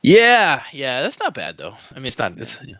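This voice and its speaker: Expressive teasing man on a podcast. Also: medium pitch, normal speed, no room sound. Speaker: podcast co-host. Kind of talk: casual chat.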